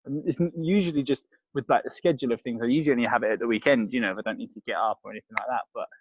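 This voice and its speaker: This London-accented podcast guest, a crisp reviewer, chats casually at a very fast clip, rambling and filling his talk with restarts and fillers. His mid-range voice carries a breathy edge. There's no echo, and the sound is dull.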